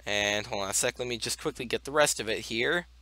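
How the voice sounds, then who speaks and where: A man's voice: mid-range voice, a little fast, bright, forceful tone, no room sound. A young man giving casual, rambling commentary over his gameplay, full of fillers as he walks through each step. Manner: rambling, many fillers, talks through steps. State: hiccups. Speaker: gaming channel host.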